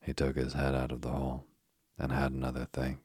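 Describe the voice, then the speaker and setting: A man reading a children's storybook aloud as narrator, calm and unhurried. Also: extremely low pitch, breathy edge, dry recording, studio quality.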